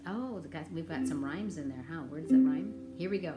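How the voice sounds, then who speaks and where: Using a deep, brisk voice with few pauses, a woman teaches children music, joking with them and singing nursery rhymes together. The recording captures an echoey room and a ukulele.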